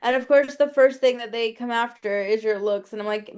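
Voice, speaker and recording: A woman's voice: fairly high pitch, fairly quick, darkish tone. A woman guest on a podcast talking over a video call, reflective and thoughtful, with plenty of casual fillers.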